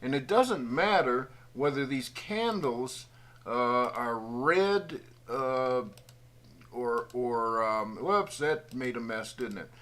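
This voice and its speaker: A man's voice: medium pitch, lively intonation, takes it slowly, fairly bright tone. Folksy man explaining trading charts. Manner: folksy, patient, thinks aloud while drawing. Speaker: trading educator. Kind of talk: screen-recorded chart tutorial.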